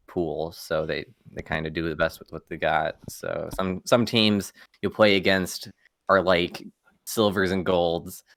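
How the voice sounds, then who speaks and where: A man's voice: low-pitched, fairly bright tone, no echo. A laid-back young man and college esports player talking matter-of-factly in casual podcast chat. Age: young adult.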